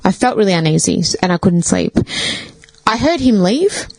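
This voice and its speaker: A woman's voice: mid-range voice, very animated, normal speed, a little mellow, no room sound, low-quality recording. A woman, a podcast guest telling a personal story in casual chat, swearing freely and filling with "like". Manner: chatty, swears freely, fills with "like".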